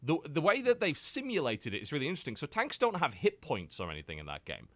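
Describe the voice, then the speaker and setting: Animated British man hosting a podcast. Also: on the high side, dry recording. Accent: British English. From United Kingdom. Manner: animated, joking, quick to mimic and exaggerate. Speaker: podcast host. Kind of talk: casual chat.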